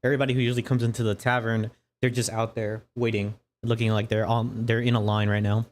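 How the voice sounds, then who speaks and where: A man's voice: on the low side, little pitch movement, fast, slight background noise. A man narrating a tabletop game as dungeon master, chatty and laughing often.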